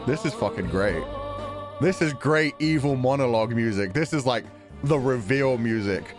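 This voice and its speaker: A man streaming a visual novel, giving casual gaming commentary in a profane, animated, exasperated way. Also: medium pitch, moderate pace, music in the background.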